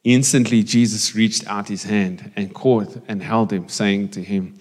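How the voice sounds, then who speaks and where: A man's voice: fairly low pitch, steady tone, a little slow, few pauses. A man preaching a conversational sermon to his congregation, joking with people and slipping into Afrikaans. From South Africa. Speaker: pastor. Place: church hall. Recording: long reverb of a church hall.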